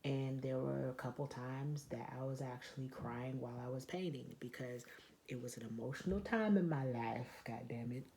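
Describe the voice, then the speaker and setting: A woman talking in a casual vlog monologue, blunt and profane, with lots of fillers and emphatic, loud outbursts. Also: very deep voice, moderate pace, slight background noise. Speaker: vlogger.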